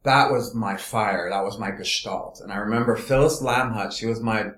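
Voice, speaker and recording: A man from Los Angeles, a guest in an interview, telling his career story in an animated, meandering way. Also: lowish voice, normal speed, echoey room. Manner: animated storytelling, trailing off and restarting. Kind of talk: casual conversational interview.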